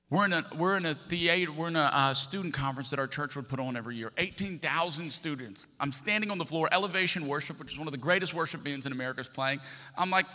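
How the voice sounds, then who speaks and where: A man from Texas preaching a sermon as a pastor, telling a story and acting out the dialogue in it. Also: fairly high pitch. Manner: animated storyteller, acts out dialogue. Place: large church hall. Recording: long reverb of a big church hall.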